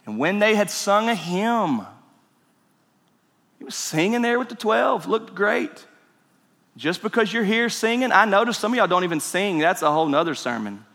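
Male pastor, high voice, emphatic sermon, reverberant church hall. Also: vocal fry. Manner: emphatic preaching, swings between loud and hushed. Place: church sanctuary.

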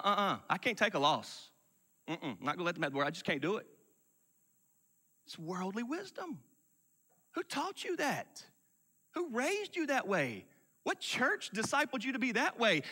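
Bright-voiced male preacher in a hall. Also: high voice. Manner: emphatic, swings from loud to hushed. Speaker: pastor. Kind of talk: sermon.

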